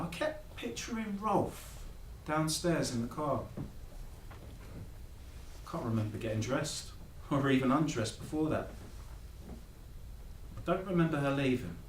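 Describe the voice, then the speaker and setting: A man's voice: a little high, fairly bright tone. A young man acting a reflective theatrical monologue in a wry storytelling way, recorded in a rehearsal room. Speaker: actor. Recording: echoey room, distant mic, noise.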